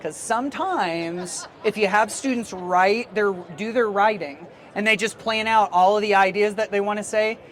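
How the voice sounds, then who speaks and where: A man's voice: high-pitched, moderate pace, hardly any pauses, a bit bright, slight background noise. A man giving a live conference workshop talk in a casual, chatty way, laughing easily as he talks to the room. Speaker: teacher trainer and conference presenter.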